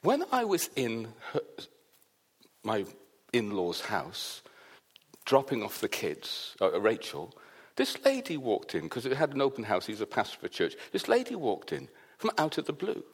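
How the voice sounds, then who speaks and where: A man's voice: mid-range voice, normal speed, husky. A man from Wales, a pastor preaching a sermon and telling a personal story while acting out what others said. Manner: animated storyteller, acts out the quoted voices.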